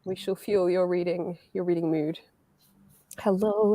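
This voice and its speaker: A woman hosts a casual live stream, greeting viewers with frequent giggles. Her voice sits at a middle pitch. The sound is dry and close. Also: steady tone, a little slow, a little mellow, no room sound. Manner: giggly, laughs often between lines. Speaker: host of a live reading stream.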